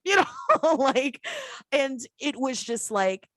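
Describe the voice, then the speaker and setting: A woman's voice: sits high, very animated, slow, a bit bright, dry recording. A woman in her twenties hosting a podcast, talking frankly and profanely with frequent laughs and acted-out quotes. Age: 20s. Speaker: podcast host. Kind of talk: candid casual chat.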